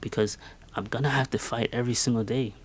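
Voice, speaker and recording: A man's voice: medium pitch, fairly even intonation, quick pace. A man in his twenties giving an earnest, emphatic motivational monologue with lots of repetition. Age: 20s. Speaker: podcast host.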